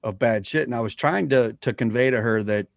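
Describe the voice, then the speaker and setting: A man's voice: medium pitch, fairly quick, gravelly, dry recording. A middle-aged man talking as a podcast guest, blunt and earnest, and he swears freely. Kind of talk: candid conversation.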